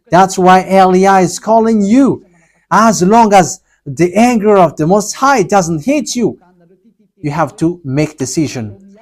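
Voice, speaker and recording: A preacher giving an emphatic sermon, repeating warnings and calls to act, and closing with a slow spoken prayer. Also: mid-range voice, a little mellow.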